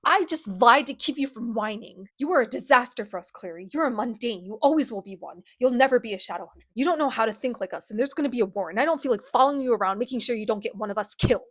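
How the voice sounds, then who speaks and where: A moody teenage boy who talks down to everyone, cold and clipped, as a woman reads him out in her own slightly high voice. The sound is close and dry, with no room around it. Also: lively intonation, quick pace, hardly any pauses, no echo. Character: brooding teenage male hero, curt and harsh.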